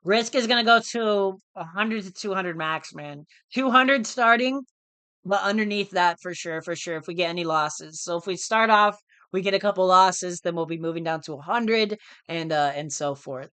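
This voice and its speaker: A man from the United States talks through a live trading stream in loose, slangy chat, repeating phrases and calling listeners dude and bro. His voice is bright and smooth, and the sound is dry and close. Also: high-pitched, moderate pace, dry recording. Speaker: live-stream day trader.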